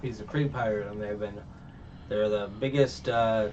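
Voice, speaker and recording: A man's voice: on the low side, fairly even intonation, moderate pace, a little mellow. A man casually recapping a show as a reviewer, rambling with many fillers and restarts. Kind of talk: casual chat. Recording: muffled distant mic, faint background noise.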